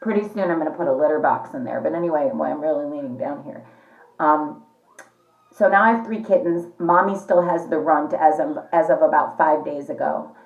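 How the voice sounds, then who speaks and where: With a low voice and a slightly fast delivery, a woman who vlogs about pets chats casually to camera at home, wandering from topic to topic and frequently saying "you guys." The recording is echoey and a bit dull.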